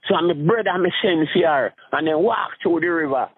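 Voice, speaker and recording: A man with a Jamaican accent telling rambling comic stories, jumping into high voices when he acts out scenes. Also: a little fast, breathy edge. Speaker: street comedian. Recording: tinny phone-like sound.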